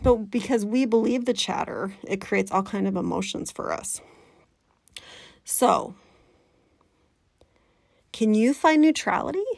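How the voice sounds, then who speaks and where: A woman life coach, talking to her listeners in a chatty, animated way and slipping into the voice of her inner critic. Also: mid-range voice, unhurried, creaky, long pauses, no echo, studio quality. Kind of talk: coaching podcast talk.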